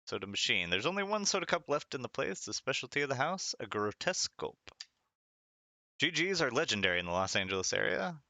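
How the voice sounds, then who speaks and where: A man's voice: medium pitch, sing-song, brisk, gravelly, sharp tone, no echo. A man streaming a retro game, reading its text aloud with wry asides and frequent laughter. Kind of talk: casual game commentary.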